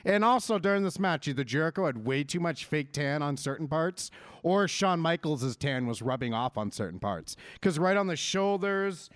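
Animated ranting man, dry close sound. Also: fairly high pitch, normal speed, no echo. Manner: animated ranting, swears freely. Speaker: podcast co-host. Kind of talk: casual wrestling chat.

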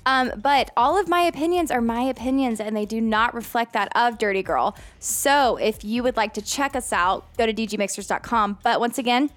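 Chatty woman co-host, higher voice. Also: moderate pace, hardly any pauses, fairly bright tone. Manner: chatty, self-deprecating. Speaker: podcast co-host. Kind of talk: casual chat. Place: podcast studio.

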